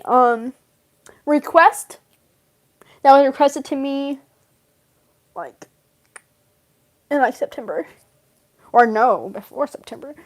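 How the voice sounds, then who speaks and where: A young woman rambling casually in character, giggling often and filling gaps with ums and you-knows. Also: high-pitched. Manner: giggly, rambling, lots of fillers and laughs. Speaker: vlogger role-playing a game character.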